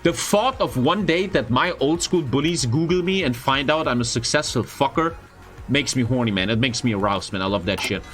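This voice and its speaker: A young man, a streamer, telling a story in casual, profane, expressive chat. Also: mid-range voice, fairly quick, soft background music. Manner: profane, expressive, frequent swearing.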